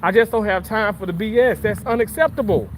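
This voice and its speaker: Profane, high-voiced man ranting. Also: brisk, noisy background. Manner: profane, heated, repetitive. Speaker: livestream host. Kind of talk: angry livestream rant.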